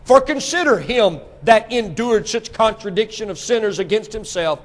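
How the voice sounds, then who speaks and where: A man preaching a sermon, swinging from quiet teaching to shouted exhortation. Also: high voice, lively intonation, normal speed, few pauses.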